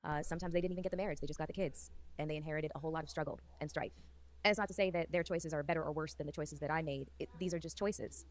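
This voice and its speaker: A woman's voice: deep voice, fairly even intonation. A woman in her thirties telling her life story in a reflective, dreamy way. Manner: reflective, dreamy, drawn-out phrasing. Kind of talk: personal storytelling. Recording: faint music underneath.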